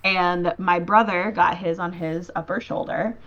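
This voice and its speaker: A woman's voice: fairly low pitch, steady tone, unhurried, fairly bright tone, dull audio. A young woman chatting as a podcast guest, enthusiastic and swearing freely. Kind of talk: casual chat.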